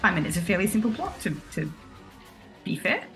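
A man co-hosting a podcast in casual chat, dry and quick to laugh. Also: high-pitched, big pitch swings, sharp tone, faint music behind.

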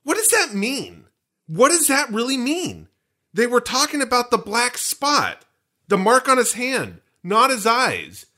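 A man's voice: very high voice, huge pitch swings, a little slow, sharp tone. A man co-hosting a casual podcast, recapping a film with joking, rambling asides. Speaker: podcast co-host.

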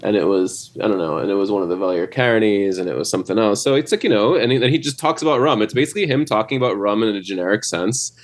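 A man with a lowish voice talks in a loose, chatty way, full of fillers and asides. He retells events by quoting what others said, like a guest on a casual podcast. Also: quick pace, hardly any pauses. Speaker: bar owner guest.

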